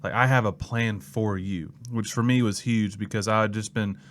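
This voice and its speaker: A man's voice: lowish voice, moderate pace. A young man from Mississippi, a student pastor telling his story in a casual interview and acting out the people he quotes. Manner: lively storyteller who acts out quoted people.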